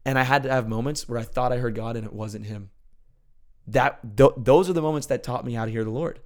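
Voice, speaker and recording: Guy just talking through a faith lesson, earnest and chatty, keeps asking if it makes sense, mid-pitched voice. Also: a little fast. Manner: earnest, conversational, checks in with the listener. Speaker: podcast host teaching on faith. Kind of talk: casual teaching talk.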